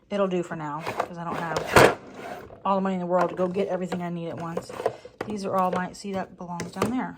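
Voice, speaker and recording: A woman's voice: lowish voice, very noisy. A young woman chatting casually through a room tour at home, interrupting herself and swearing offhand as she goes. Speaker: beauty vlogger. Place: home room being toured.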